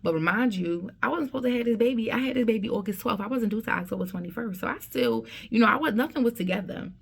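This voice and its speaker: A woman's voice: fairly high pitch, quick pace, creaky, breathy edge. A middle-aged woman vlogger telling a personal story in a casual, conversational way, often checking in with "right?" and restarting her sentences. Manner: conversational, tag questions and restarts.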